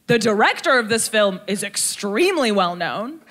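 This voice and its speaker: Bright-voiced woman doing stand-up. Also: mid-range voice, normal speed. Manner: animated, crude, self-mocking storytelling. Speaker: stand-up comedian. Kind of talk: stand-up comedy storytelling. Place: comedy stage before a live audience.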